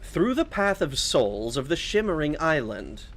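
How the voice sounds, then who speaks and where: A man voicing a stern, pompous old male priest from a video game, speaking slowly and loftily. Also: on the high side, big pitch swings, gravelly, fairly bright tone, exaggerated voice. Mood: solemn. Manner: slow, solemn and lofty.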